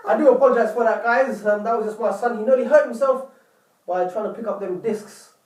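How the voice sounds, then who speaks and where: A man's voice: very high voice, brisk, darkish tone, distant mic. A man giving relationship advice to camera in an earnest, repetitive way, often calling viewers "people". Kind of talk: direct-to-camera advice talk. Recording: echoey room, voice off-mic.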